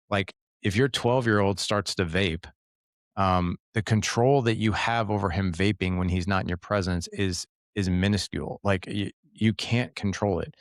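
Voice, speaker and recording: A man's voice: sits low, dry recording, clean studio sound. A middle-aged man as a podcast guest, coaching fathers in an earnest, casual way, often repeating words and saying man and dude.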